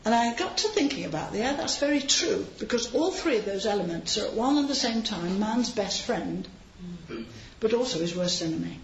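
A woman's voice: medium pitch, expressive, normal speed, a little hiss or hum. A woman giving an informal sermon, chatty and anecdotal, with frequent asides, recorded in a large hall. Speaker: preacher. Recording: roomy, slightly dull hall recording.

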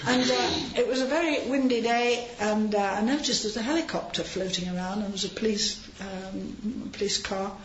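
A woman's voice: medium pitch, fairly even intonation, moderate pace, hardly any pauses. A woman giving an informal sermon, chatty and anecdotal, with frequent asides, recorded in a large hall. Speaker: preacher. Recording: roomy, slightly dull hall recording.

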